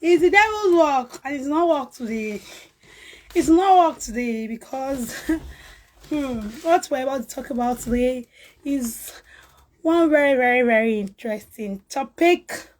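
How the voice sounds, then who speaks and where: A woman hosting a casual live stream, her voice rough from a cold, chatting and greeting viewers by name while she waits for guests. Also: sits high, expressive, unhurried, low-quality recording.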